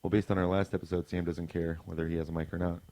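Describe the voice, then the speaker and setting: A man with a low-leaning voice co-hosts a casual podcast. He teases his co-host and swears freely. The mic sound is dry and close. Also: flat delivery, very fast, a little mellow, no echo. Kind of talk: casual chat.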